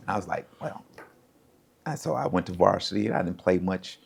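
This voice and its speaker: Middle-aged guy from the states, gravelly lowish voice, tells stories with lots of acted-out quotes. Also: moderate pace. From United States. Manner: animated storyteller, acts out quoted voices. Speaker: interview guest, former pro football player. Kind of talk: casual storytelling.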